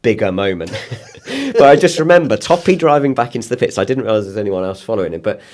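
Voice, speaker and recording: A man with a fairly low voice hosts a podcast. He tells racing stories in relaxed, chuckling chat, breaking off for quick asides. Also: slight background noise. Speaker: podcast host. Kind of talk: casual chat.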